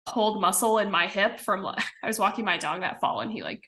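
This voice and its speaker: Brisk, bright, and forceful, a medium-pitched young woman from the American Midwest chats as a guest on a podcast. The interview is laid-back, with plenty of fillers and small laughs.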